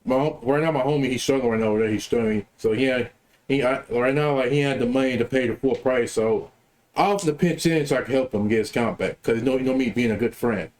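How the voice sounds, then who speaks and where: A man's voice: medium pitch, quick pace, darkish tone. A man calling in to tell a story in a casual, profane rant, repeating himself as he gets worked up. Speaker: caller telling a story.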